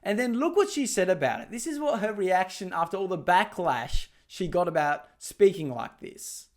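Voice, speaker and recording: An Australian political commentary host talks casually over clips in his video, mocking and sarcastic, laughing at what he shows. His high voice swings widely in pitch at a moderate pace.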